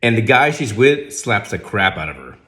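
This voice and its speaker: A man's voice: fairly low pitch, very animated, normal speed. A man giving casual comedic movie commentary, sarcastic and incredulous with mock outrage. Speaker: movie reaction host.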